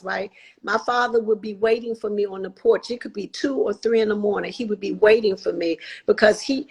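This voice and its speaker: Sixties woman telling her story on a podcast, kinda husky, acts out everybody's lines. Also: mid-range voice, brisk, rough recording. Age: 60s. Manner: animated storyteller, acts out quoted voices. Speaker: guest. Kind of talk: interview storytelling.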